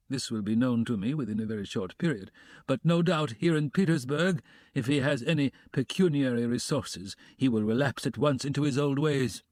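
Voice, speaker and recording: A stiff, self-important middle-aged gentleman, read by a man, lays out his words with formal precision in an audiobook. The voice sits at a middling pitch, recorded dry and close. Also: dry recording, close to an everyday voice. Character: stiff pompous middle-aged male suitor.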